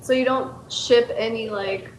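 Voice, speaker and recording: A woman's voice: on the high side, steady tone, measured pace. A woman interviewing a guest in a casual chat, asking teasing questions and filling gaps with "like.". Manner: chatty, frequent "like" fillers, teasing questions. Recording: echoey room, faint background noise.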